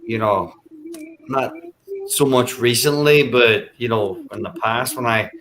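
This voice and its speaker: A man's voice: medium pitch, unhurried, fairly bright tone. Irish guy rambling in a casual group chat, lots of you knows, bit of hiss behind. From Ireland. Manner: rambling, many "you know" fillers. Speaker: chat participant.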